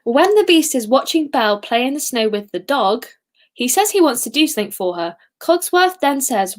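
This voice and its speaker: A woman's voice: on the high side, sing-song, moderate pace. A woman hosting a casual live-stream quiz, chatty and giggly, sometimes singing short snippets. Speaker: quiz host.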